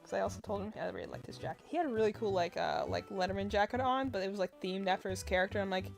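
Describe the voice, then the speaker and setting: A woman's voice: mid-range voice, big pitch swings, rapid-fire, vocal fry, soft background music. A woman chatting casually while she crochets on a stream, rambling with lots of filler words and muttering stitch counts under her breath. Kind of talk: casual chat.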